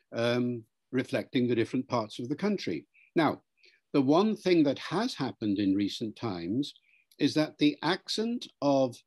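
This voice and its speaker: An older professor from Wales answers interview questions about accents, his own a mix of British, Welsh and Liverpool with some RP. His mid-range voice has a darkish tone, and he speaks in a measured, lecturing way, demonstrating sounds aloud. The recording is dry.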